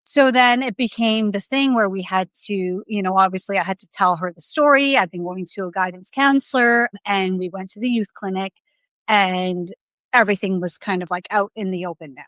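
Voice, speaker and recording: A woman's voice: medium pitch, moderate pace, fairly bright tone, no echo. A young adult woman as a podcast guest, telling her story candidly in a rambling, casual way with many restarts.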